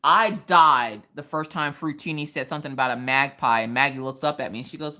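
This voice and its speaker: A woman chatting casually on a craft livestream, reading viewer comments with animated, laughing reactions. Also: rumbling low, a little fast, hardly any pauses. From Pennsylvania. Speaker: livestream host.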